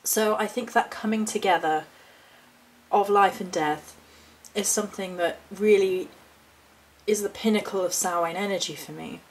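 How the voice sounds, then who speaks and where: A woman vlogging about her handmade nature altars, speaking with passion in a lilting, expressive way. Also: mid-range voice, normal speed. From United Kingdom. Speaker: hedge witch and altar maker. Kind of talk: spiritual vlog talk.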